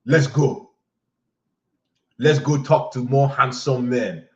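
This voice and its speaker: A man's voice: medium pitch, slow, roomy sound, highs cut off, pitched above the performer's own voice. A man voicing a tipsy, corny young woman at a bar, pushy and sing-song. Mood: insistent.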